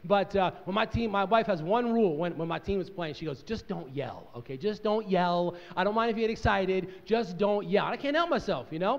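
A middle-aged male pastor preaching an energetic, joking sermon, swinging from loud to quiet. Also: sits high. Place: church sanctuary. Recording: dull sound in a reverberant church hall.

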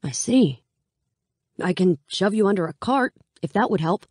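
A woman's voice: mid-range voice, animated, normal speed, darkish tone, breathy edge, no room sound, clean studio sound, voice pushed up. A woman voicing a cheerful, teasing young male soldier in an audiobook, joking and easygoing. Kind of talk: audiobook character voice.

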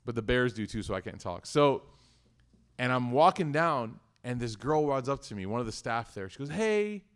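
Male community speaker, relaxed faith talk, humorous storyteller who trips over his words. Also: mid-range voice, moderate pace. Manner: conversational and joking, with frequent restarts. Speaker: speaker at a community study circle. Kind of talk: casual religious talk with personal stories.

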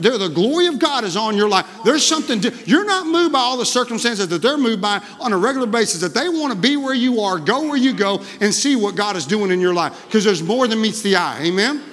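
High-voiced preacher in a hall. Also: male voice, fairly quick. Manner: energetic, exclaiming, frequent "Amen?" to the congregation. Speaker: pastor. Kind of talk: sermon. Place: church sanctuary. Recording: long reverb of a large hall.

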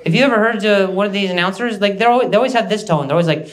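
Stuttering comedian, fairly high voice. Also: male voice, very fast. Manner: stutters, brash and ranting. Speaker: stand-up comedian. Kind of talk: stand-up comedy set. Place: comedy club stage. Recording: roomy club with loud noise.

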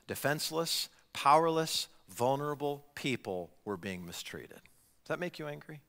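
A man preaching a sermon as pastor, talking in an animated way and putting direct questions to his congregation. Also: on the high side, moderate pace, long reverb tail. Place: church sanctuary.

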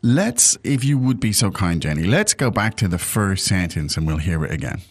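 Low-voiced, lively male lesson host. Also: normal speed. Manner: relaxed, chatty, with many restarts and fillers. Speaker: English-speaking host of a language lesson. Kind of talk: casual lesson chat.

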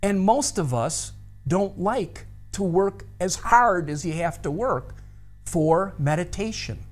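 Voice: mid-range voice, animated, slow, faint music behind. A Bible teacher giving a recorded study lesson, explaining a practice step by step and thinking aloud through a verse.

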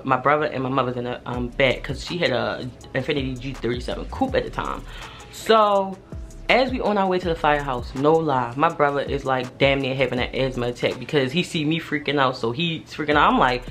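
A young adult woman telling a personal story in a casual vlog, animated and slangy, swearing freely. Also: very deep voice, quick pace, soft background music. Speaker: vlogger.

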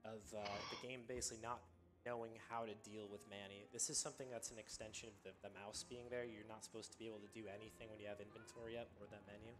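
A man commentating live on his own speedrun, explaining the game in a relaxed way with many ums and uhs. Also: on the low side, fast, background noise. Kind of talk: live commentary while playing.

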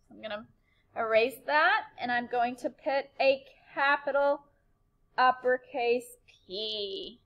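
Bright, upbeat woman teacher. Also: high voice, rough recording. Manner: upbeat, encouraging teacher talk with questions to the class. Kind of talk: recorded writing lesson for young children.

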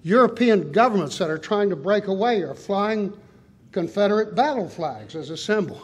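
An older man giving a folksy, animated conference talk, riffing through lists and anecdotes. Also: high-pitched, moderate pace, husky. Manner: folksy, animated storytelling with list-like riffs. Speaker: conference speaker. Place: conference hall.

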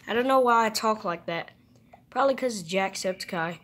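A woman's voice: mid-range voice, normal speed, fairly bright tone, a little hiss or hum. A young woman giving chatty, playful gameplay commentary, talking to the animals in her game. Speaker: gamer.

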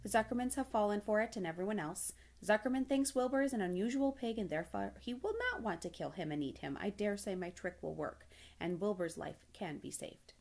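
A woman voicing a wise, bossy female spider who runs a barnyard meeting, in a crisp, precise, slightly tart manner. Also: mid-range voice, a little fast, few pauses, a little mellow, pitched above the performer's own voice. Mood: brisk. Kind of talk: storybook reading.

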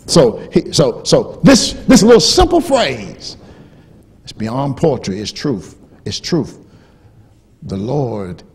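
A man preaching a sermon as pastor, repeating key phrases and swinging from hushed storytelling to rising, emphatic shouts. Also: a little high, huge pitch swings, slow, slightly rough.

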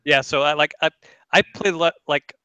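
A man's voice: fairly high pitch, normal speed, pushed and bright, clean tone, no echo, poor audio. A young man co-hosting a casual gaming podcast, rambling with lots of restarts. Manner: rambling, many restarts and fillers. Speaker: podcast co-host.

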